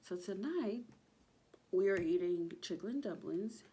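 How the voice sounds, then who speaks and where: A woman's voice: medium pitch, expressive, a little slow, mellow, slight background noise. A pregnant young woman chatting casually to her viewers at home, out of breath and sighing between phrases. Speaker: vlogger. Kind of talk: casual chat. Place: home kitchen.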